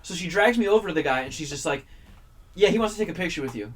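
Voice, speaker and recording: A man's voice: on the high side, animated, fast talker, fairly bright tone. A man who is a regular on a radio talk show, telling a long story in a chatty way, swearing casually and acting out the people he quotes. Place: radio studio.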